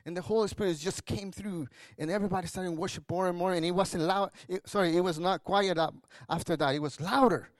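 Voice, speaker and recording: High-voiced pastor preaching a sermon. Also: male voice, fairly quick, no echo.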